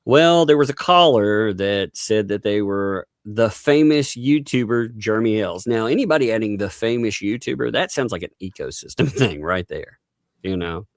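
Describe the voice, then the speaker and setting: A low-pitched man hosts a casual live chat and laughs his way through loose, rambling sentences. The sound is dry and close to the mic. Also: lively intonation, normal speed, dry recording. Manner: laughs often, rambling with restarts. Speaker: host.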